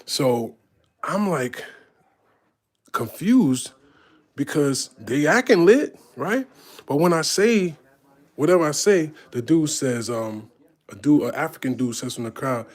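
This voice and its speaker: A man telling casual stories from his tour, animated and profane, acting out voices as he goes. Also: fairly high pitch, slow pace, long pauses. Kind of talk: casual storytelling.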